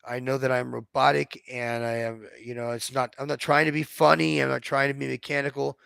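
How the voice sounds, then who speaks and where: A man's voice: mid-range voice, level tone, brisk, a bit bright, dry recording. A man telling stories from his own life in a blunt, profane, somewhat robotic way. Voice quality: gravelly. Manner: blunt, profane, self-described robotic delivery. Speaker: vlogger. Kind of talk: casual storytelling monologue.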